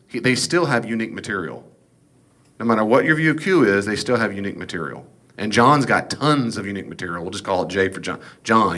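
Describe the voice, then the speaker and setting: A man's voice: lowish voice, bright, forceful tone. A man teaching an informal Bible class, folksy and digressive with joking asides.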